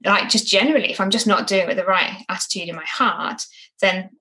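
A woman's voice: medium pitch, fairly quick, bright, forceful tone, rough recording. A woman co-hosting a casual Bible study discussion, earnest and reflective, often ending points with tag questions. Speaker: co-host discussing a Bible passage.

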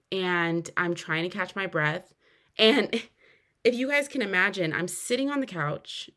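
A woman's voice: on the low side, fairly bright tone. A young woman hosting a podcast, telling her own story earnestly, with sudden emphatic rises. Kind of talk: personal storytelling.

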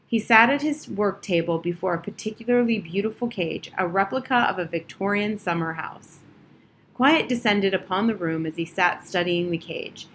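A woman reading an audiobook chapter aloud in a measured, steady storytelling manner. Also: mid-range voice, slight background noise. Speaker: audiobook narrator. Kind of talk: audiobook narration.

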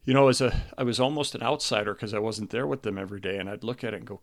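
A middle-aged man hosting a podcast, speaking about a recent loss in a halting, earnest way, grieving and close to tears. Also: fairly low pitch, gravelly. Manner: halting and earnest, with many restarts. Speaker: podcast host. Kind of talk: personal monologue.

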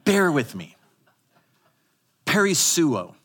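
A male pastor delivers a live sermon at a church service, teaching emphatically and getting the congregation to repeat words. His fairly high, husky, slightly bright voice is very animated, swinging between quick asides and slow, stressed phrases.

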